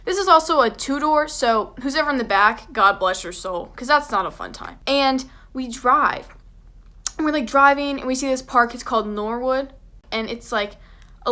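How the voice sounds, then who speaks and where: Bright-voiced young woman telling a storytime. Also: on the high side. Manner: chatty, dramatic, heavy on "like". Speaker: vlogger. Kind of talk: storytime vlog.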